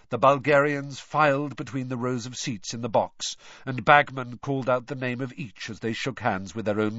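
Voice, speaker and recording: A man reading a storybook aloud in an animated, expressive narration. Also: mid-range voice, no echo, lo-fi sound. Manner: animated, shifts voice for characters. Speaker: audiobook narrator.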